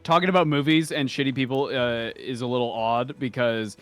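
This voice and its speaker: A man's voice: medium pitch, fairly even intonation, fairly quick, a bit bright, soft background music. A man chatting while gaming with friends, crude and sardonic, cracking jokes. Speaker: gamer on a group stream. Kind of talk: casual chat while gaming.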